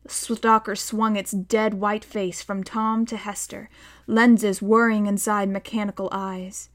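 A woman narrating a novel aloud in a steady storytelling manner, voicing the dialogue. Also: medium pitch, a little slow. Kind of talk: audiobook narration.

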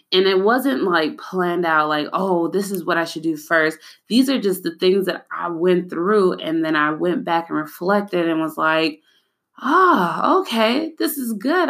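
A woman's voice: fairly low pitch, vocal fry, a bit bright. A young adult woman hosting a podcast, talking in a chatty, personal way and often addressing listeners as "y'all.". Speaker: podcast host. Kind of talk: casual podcast monologue.

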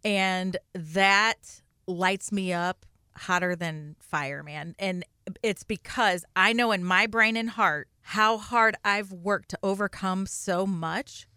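A woman's voice: medium pitch, slow pace, pushed and bright, clear, resonant tone, no echo, studio quality. A woman in her forties, co-hosting a podcast in casual chat. She talks candidly and earnestly, laughs easily, and acts out remembered conversations. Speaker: podcast co-host.

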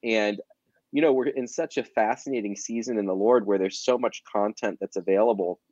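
Earnest guy, low voice, muffled dry lo-fi audio. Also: a little fast, warm tone, dry recording. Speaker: podcast co-host. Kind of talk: casual chat. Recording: dull lo-fi sound.

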